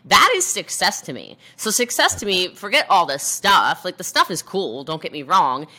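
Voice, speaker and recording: A guest entrepreneur on a motivational chat show talks energetically and emphatically, acting out quoted voices along the way. Her voice is fairly low, sing-song, bright and forceful, at a normal speed.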